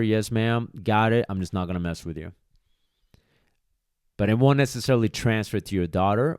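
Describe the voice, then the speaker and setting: Blunt man with a smooth, low voice. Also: darkish tone, no echo, studio quality. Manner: blunt and emphatic, with casual swearing. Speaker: dog trainer, podcast host. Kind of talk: podcast monologue.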